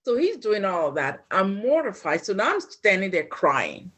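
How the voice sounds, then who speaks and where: A woman from Ghana, a guest recounting her own story in an animated, emotional way. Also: mid-range voice, moderate pace, slightly rough. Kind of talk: personal storytelling.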